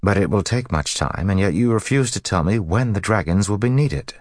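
A man voicing a curt, stern female bomb-maker in an audiobook, speaking in a flat, formal, vaguely hostile way. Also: lowish voice, a little fast, no room sound, studio quality, voice pushed up. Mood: firm. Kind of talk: audiobook character voice.

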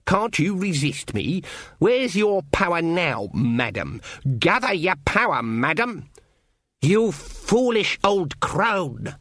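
Man voicing a fierce old witch woman, croaky, raised pitch, slow scornful words, dry close sound. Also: big pitch swings, fairly bright tone, dry recording, full character voice. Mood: commanding. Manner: defiant, scornful, slow and deliberate. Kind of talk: audiobook character voice.

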